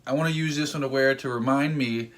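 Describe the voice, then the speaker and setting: Man, mid-pitched voice, excitable, rambling storyteller, casual vlog. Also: quick pace. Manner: excitable, rambling, acts out quotes. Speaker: vlogger.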